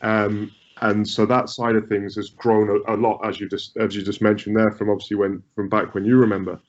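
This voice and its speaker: Guy coaching goalies, low steady voice, kinda muffled lo-fi sound. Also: fairly quick. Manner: repeats words, many restarts. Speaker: goalkeeping coach, guest. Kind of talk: conversational interview answers. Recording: muffled lo-fi audio.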